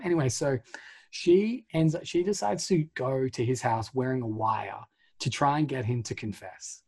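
A man's voice: mid-range voice, moderate pace, vocal fry, a little mellow, breathy edge. A man co-hosting a podcast, casually retelling a film plot in a chatty way full of fillers and the odd swear. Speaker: podcast co-host.

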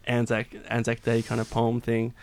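A man's voice: mid-range voice, monotone, moderate pace, darkish tone, no echo. A man, a singer-songwriter telling a long backstage story in casual chat, full of restarts and fillers. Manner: rambling, many restarts and fillers.

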